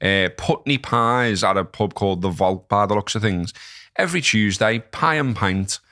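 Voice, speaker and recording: Low-voiced Liverpool man chatting. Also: normal speed, no echo, studio quality. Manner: relaxed, swearing, storytelling. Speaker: podcast co-host. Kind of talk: casual chat. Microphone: podcast microphone.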